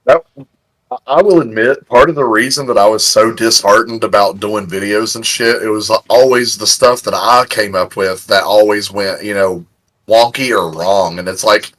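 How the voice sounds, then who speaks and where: A man's voice: lowish voice, moderate pace, a bit bright, poor audio. A man casually chatting on a stream, laid-back and swearing, addressing the chat as folks. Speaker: stream co-host.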